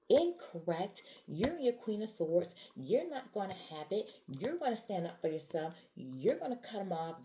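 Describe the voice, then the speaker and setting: A woman's voice: mid-range voice, dark tone, poor audio. A woman doing a casual tarot reading, talking straight to her viewers in an emphatic, repetitive way. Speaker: tarot reader.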